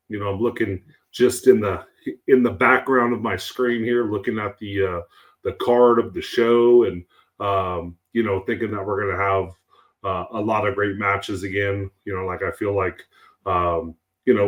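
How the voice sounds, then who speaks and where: A man's voice: on the low side, fairly even intonation, measured pace. A man co-hosting a podcast, chatting casually and rambling with lots of fillers. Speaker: podcast co-host.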